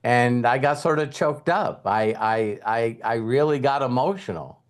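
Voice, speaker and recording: In an unhurried mid-range voice, a man addresses an audience as a motivational speaker. He narrates a conversation from the past in a casual, emphatic storytelling style.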